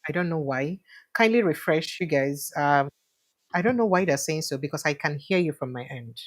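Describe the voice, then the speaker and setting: A woman's voice: sits low, animated, normal speed. A woman with a Nigerian accent hosting a livestream interview, chatty and informal, with filler sounds. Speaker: host. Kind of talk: livestream interview, switching between Pidgin and English.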